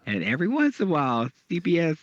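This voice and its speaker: A man's voice: a little high, wildly swooping pitch, quick pace, no room sound. A man co-hosting a podcast in a sassy, wry casual chat. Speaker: podcast co-host. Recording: slightly dull lo-fi audio.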